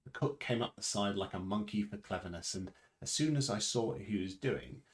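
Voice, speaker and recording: Deep-voiced man reading a novel aloud. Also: lively intonation, fairly quick. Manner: unpolished reading with restarts and self-corrections; varies pitch and loudness for dialogue. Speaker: reader.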